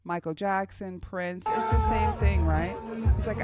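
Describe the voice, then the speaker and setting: A woman's voice: medium pitch, wildly swooping pitch, a little slow, loud music behind the voice. A woman in her forties hosting a reaction video, talking casually and animatedly, exclaiming and joking as she comments.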